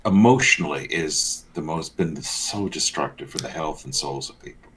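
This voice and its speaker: Lively low-voiced man, blunt and sardonic. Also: normal speed. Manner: blunt, sardonic, animated commentary. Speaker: co-host and church commentator. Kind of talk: casual news banter.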